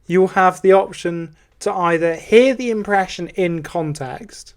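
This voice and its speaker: A man's voice: sits high, unhurried. A man co-hosting a comedy podcast, chatty as he explains the rules of an impressions game. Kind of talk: casual comedic chat.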